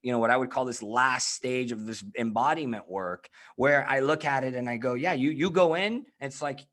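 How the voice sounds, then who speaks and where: A man's voice: mid-range voice, normal speed, a bit bright. A man hosting a casual podcast conversation, talking in a reflective, searching way with frequent restarts. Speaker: host.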